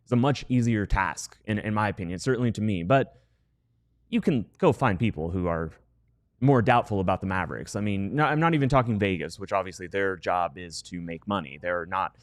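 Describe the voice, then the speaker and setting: A man's voice: low-pitched, lively intonation, fairly quick, no room sound, clean studio sound. A man co-hosting a sports podcast, wry and thinking aloud. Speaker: podcast co-host. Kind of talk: casual sports podcast analysis.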